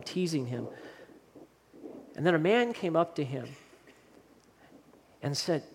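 A man preaching a sermon as a pastor, speaking earnestly and leading the congregation in a slow, soft closing prayer. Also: fairly high pitch. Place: church sanctuary during a service. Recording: long hall reverb, faint room noise.

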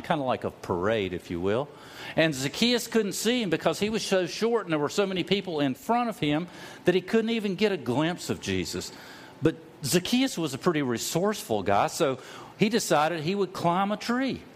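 A middle-aged man preaching a sermon, telling stories at an easy pace, slowing down to stress key words and sometimes rising to a loud cry. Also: medium pitch, a little hiss or hum. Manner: storytelling preacher, slows for emphasis, rises to loud cries. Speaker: pastor.

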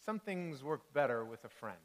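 A man's voice: medium pitch, expressive, moderate pace, long reverb tail, close to an everyday voice. A man voicing a polite, kindly octopus. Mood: gentle. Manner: polite, proper phrasing. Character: polite kindly male octopus, gentle and proper.

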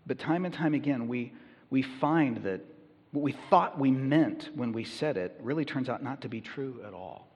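A man's voice: medium pitch, expressive, normal speed, vocal fry, darkish tone, husky, big-room sound. A man preaching a sermon as a pastor, conversational and emphatic.

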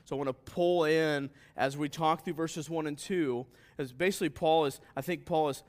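Conversational pastor with a higher voice. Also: male voice, fairly even intonation, moderate pace. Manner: conversational preaching that rises to emphatic scripture reading. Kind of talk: sermon.

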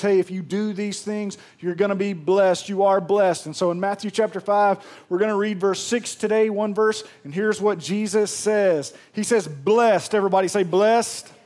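A man's voice: high voice, a little mellow. A man preaching a sermon, telling funny stories and calling on the congregation to join in. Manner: humorous, storytelling, engages congregation. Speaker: pastor.

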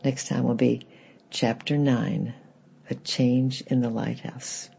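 A man reading a children's book aloud in gentle, plain storybook narration, with a husky, gravelly voice. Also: medium pitch, flat delivery, takes it slowly, dull audio.

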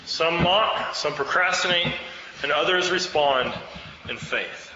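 Fervent preacher in an echoey hall. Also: male voice, fairly high pitch, slow pace, noisy background. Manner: fervent, exhorting. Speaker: pastor. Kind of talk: sermon. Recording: echoey hall, dull sound.

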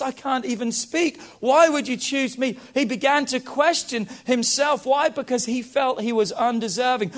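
Male pastor, high-pitched, sermon delivery, rhetorical, hushed-to-emphatic swings. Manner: preaching with big swings between hushed and emphatic; rhetorical questions and repeated phrases.

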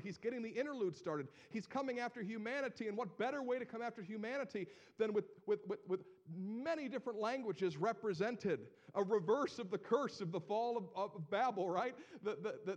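Male pastor, Northeast Ohio accent, lively sermon delivery with a voice on the higher side. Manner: animated, building to loud emphatic proclamations.

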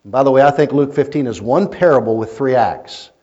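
Storytelling preacher with a muffled sound. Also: male voice, mid-range voice, a little fast, dark tone. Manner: storytelling preacher, rising and falling in intensity. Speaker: pastor. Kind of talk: sermon. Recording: muffled lo-fi recording.

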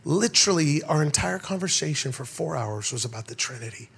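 A middle-aged man preaches a sermon in an animated, storytelling way. His speaking voice sits somewhat high for a man. He often breaks off to call out to his congregation. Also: a little fast, vocal fry, breathy edge. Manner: animated storyteller, rhetorical calls to the crowd. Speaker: pastor.

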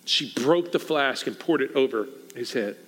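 A man preaching a sermon as pastor, animated and acting out the people in the story. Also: medium pitch, moderate pace. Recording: echoey hall.

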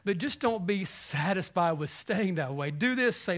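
A man preaching an Easter sermon as pastor, impassioned, swinging between hushed passages and loud ones. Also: sits high, expressive, moderate pace, hardly any pauses. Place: church hall with congregation.

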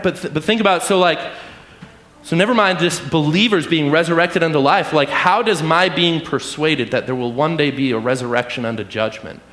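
A man's voice: fairly high pitch, fairly bright tone, echoey room. A man preaching a casual sermon, talking conversationally and tagging his points with "right?". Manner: conversational, keeps asking "right?".

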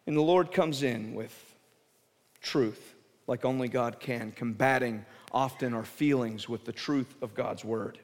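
A pastor giving a sermon, telling the story with animation and dropping to soft, intense emphasis. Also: male voice, mid-range voice, measured pace. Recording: reverberant hall.

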